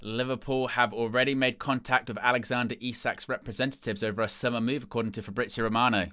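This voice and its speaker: Man, stream host, casual watch-along chat, musing aloud, bright tense tone, dry close sound. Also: mid-range voice, fairly even intonation, fast talker, smooth, no echo.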